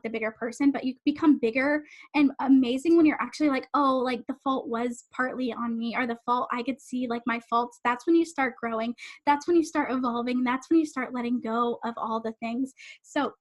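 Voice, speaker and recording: A young adult woman with a bright, high voice hosts a live online coaching session. She talks in a quick, rambling, bubbly rush, gushing at her listeners. Her voice comes through a computer microphone on a video call. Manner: fast, rambling, bubbly and effusive. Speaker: life coach hosting a live online summit. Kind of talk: casual live-stream talk to attendees.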